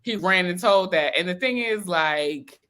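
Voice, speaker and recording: A gossipy, emphatic co-host recapping reality TV in easy conversation. The voice is bright and forward, at a middle pitch. Laughter breaks in often between the pointed remarks. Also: animated, a little slow, smooth. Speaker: podcast co-host. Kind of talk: casual reality TV recap chat.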